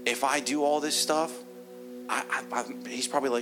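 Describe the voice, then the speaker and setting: A man preaching a sermon as a guest speaker in a church, telling a story with animated energy and dropping into soft, earnest asides. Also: mid-range voice, normal speed, music in the background.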